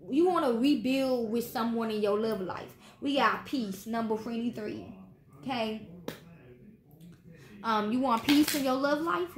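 A woman in her twenties with gives a casual tarot reading in a fairly high voice. She talks bluntly, swears freely and keeps tagging "okay?" onto her lines. The sound echoes off the walls of the room. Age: 20s. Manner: blunt, profane, says okay constantly. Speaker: tarot reader.

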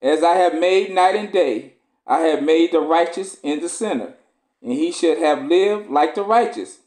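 A man reading the slow, measured lines of a stern divine power in archaic scripture language. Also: a little high, darkish tone, close to an everyday voice. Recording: roomy echo.

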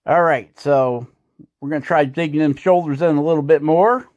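A man's voice: on the high side, normal speed, a little mellow, dry recording, highs cut off. A man hosting a woodcarving channel, talking through a carving tutorial in a folksy, joking, chatty way. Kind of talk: casual carving tutorial narration.

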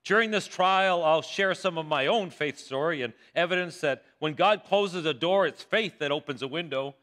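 A pastor doing an eager young defense lawyer. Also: male voice, fairly high pitch, normal speed, lightly acted. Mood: earnest. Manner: loud, pleading courtroom oratory. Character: eager young male defense lawyer, nervous but earnest.

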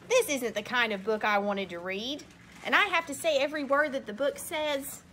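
A woman's voice: high-pitched, expressive, normal speed, a bit bright, slight background noise. A woman reading a children's book aloud, playfully acting exasperated and making silly sounds. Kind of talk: picture-book read-aloud.

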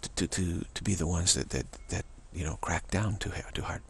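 A man speaking in a rambling monologue with a gravelly, raspy voice, stumbling through restarts and acting out quoted voices. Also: low-pitched, fairly quick, slight background noise. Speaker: spiritual speaker.

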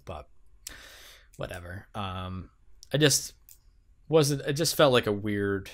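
A man's voice: fairly low pitch, lively intonation, takes it slowly. A man co-hosting a movie podcast in casual chat, hesitant, with many ums and restarts. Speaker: podcast co-host.

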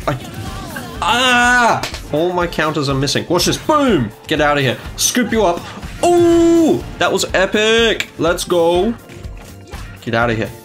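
A young man commentating his own video game matches, excitable and quick to yelp, gasp and trash-talk. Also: a little high, faint music behind. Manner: excitable, yelps and gasps at plays, trash talk. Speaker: gaming YouTuber. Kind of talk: gameplay commentary.

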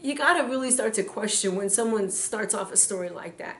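A woman's voice: mid-range voice, brisk. A middle-aged woman minister preaching and telling funny stories with lots of laughter. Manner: animated, laughing storyteller. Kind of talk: sermon storytelling. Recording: echoey room, faint background noise.

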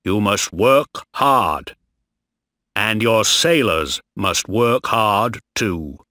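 A man's voice: fairly low pitch, expressive, very slow, pushed and bright, no echo, clean studio sound, heavily acted. A man voicing a strict, commanding ship captain who gives curt orders. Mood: stern.

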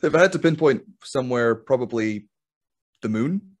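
A young adult man from Scotland, a wrestler chatting calmly and easily as a podcast guest, laughing at himself. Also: mid-range voice, moderate pace. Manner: calm, easygoing, laughs at himself. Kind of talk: casual interview chat.

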